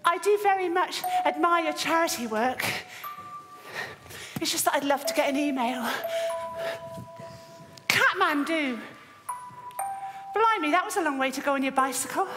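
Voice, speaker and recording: High-voiced, awkward loner begging her online match, rambling; stage reverb, music under. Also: animated, normal speed, long pauses. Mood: chatty, awkward. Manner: rambling, eager, talks in fits and starts. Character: lonely, awkward woman pleading with an online date. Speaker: stage performer. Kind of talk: dance theatre monologue. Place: theatre stage. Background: music score.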